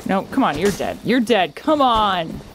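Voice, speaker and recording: A woman's voice: medium pitch, very animated, unhurried, over music. A woman casually commenting on her own video game play, chatting to the enemies and exclaiming at close calls. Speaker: gamer streamer.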